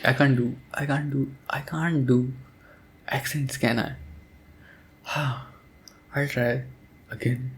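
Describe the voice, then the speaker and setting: A young man rambling sleepily about a game as a sleep aid, soft-spoken and hesitant, with many pauses and fillers. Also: medium pitch, little pitch movement. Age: young adult. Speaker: audio creator.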